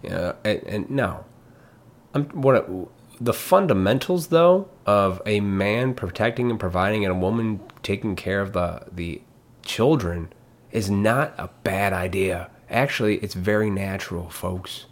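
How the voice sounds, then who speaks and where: Gravelly-voiced man ranting bluntly. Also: lowish voice. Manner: ranting, blunt, swears freely; mocks others in put-on voices. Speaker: commentator. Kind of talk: casual monologue.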